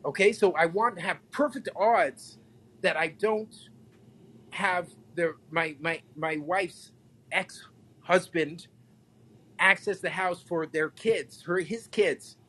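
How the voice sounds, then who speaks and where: Animated man telling stories. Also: high-pitched, slow, breathy edge, rough recording. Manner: animated, repeats himself, laughs often. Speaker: podcast guest. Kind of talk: casual storytelling chat.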